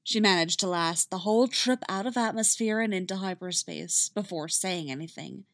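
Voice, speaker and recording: A woman's voice: medium pitch, normal speed, dry recording. Woman reading a story aloud, dry. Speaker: narrator. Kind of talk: reading fan fiction aloud.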